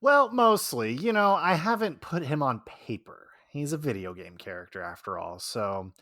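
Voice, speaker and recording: A man guesting on a podcast, chatting casually about his game character, laughing often and trailing off quietly at the ends of thoughts. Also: on the high side, expressive, normal speed, no room sound, studio quality.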